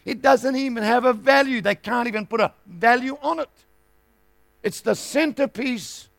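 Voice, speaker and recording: A man's voice: high voice, gravelly, no echo. A middle-aged man preaching a sermon as pastor, emphatic, firing rhetorical questions at the congregation.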